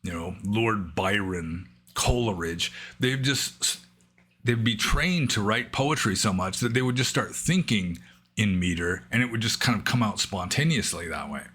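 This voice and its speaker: A man answering questions in a casual, rambling way, thinking aloud with many fillers and slowing down to read verse carefully. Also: fairly low pitch, expressive, fairly bright tone, breathy edge. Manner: careful, slow reading of Pali verse. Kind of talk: casual explanatory talk.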